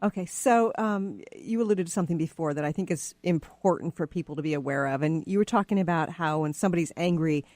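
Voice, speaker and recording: A woman's voice: on the low side, quick pace, hardly any pauses, darkish tone, dry recording. A woman hosting a talk radio interview, giving brief affirmations and asking probing follow-up questions. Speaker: radio show host.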